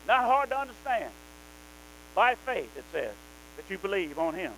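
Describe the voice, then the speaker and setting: A male preacher from the South, delivering a fervent, emphatic sermon that rises into loud exhortation. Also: high voice, animated, quick pace, slight background noise, rough recording. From American South.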